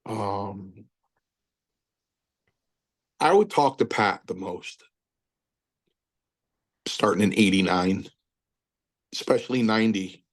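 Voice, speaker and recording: A man's voice: takes it slowly, long pauses. A man in his fifties telling wrestling stories in a casual interview, acting out quotes with big jumps in his voice. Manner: animated storyteller, acts out quotes with big pitch jumps. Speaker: interview guest, former wrestler.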